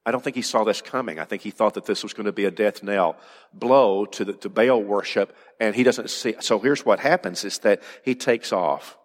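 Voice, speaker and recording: A man's voice: lowish voice, moderate pace. Earnest preaching man in a reverberant hall. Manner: earnest preaching, repeats words, drops to near-whispers for emphasis. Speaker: pastor. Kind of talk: sermon.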